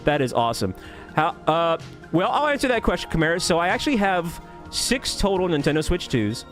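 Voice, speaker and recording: A man streaming live, cheerfully greeting viewers by name and thanking them with quick laughs. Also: on the high side, sing-song, soft background music. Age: adult. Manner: upbeat, rapid shout-outs with laughs. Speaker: YouTube streamer.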